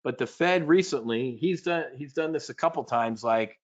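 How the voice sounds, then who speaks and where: Man, options trading instructor, live webinar, punchy and energetic, mid-pitched voice, dull lo-fi audio. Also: moderate pace, hardly any pauses. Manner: energetic and punchy, acting out panicked traders in shrill bursts.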